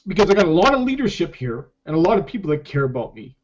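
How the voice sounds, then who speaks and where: A middle-aged man in a personal vlog, talking emotionally and haltingly about his own comeback, often repeating himself. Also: fairly high pitch, big pitch swings. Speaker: network marketer sharing his story. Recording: dull lo-fi recording.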